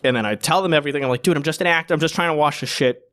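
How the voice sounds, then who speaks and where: A young man from Boston, a podcast guest, telling a profane, animated story full of fillers in casual chat. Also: fairly high pitch, racing, clean tone.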